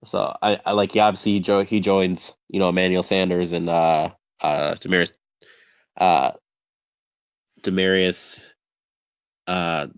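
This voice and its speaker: A man's voice: sits low, flat delivery, normal speed, few pauses, smooth. A man co-hosting a sports podcast, talking casually and rambling with many fillers and restarts. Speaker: podcast co-host.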